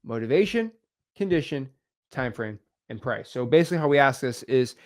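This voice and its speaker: A man coaching on real estate wholesaling, energetic and repetitive, acting out example calls. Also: medium pitch, a little fast. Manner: energetic, repeats words, acts out examples. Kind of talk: teaching talk on video.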